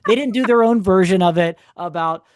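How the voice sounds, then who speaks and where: A man, co-hosting a podcast, telling a story in a casual, animated way with sarcastic asides. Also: high-pitched, brisk, no room sound, studio quality. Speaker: podcast co-host. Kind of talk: casual chat.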